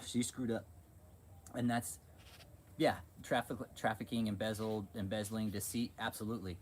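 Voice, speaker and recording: A man's voice: lowish voice, steady tone, normal speed, long pauses, a little mellow, slight background noise. A man hosting a livestream, ranting in a heated, profane, repetitive way. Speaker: channel host.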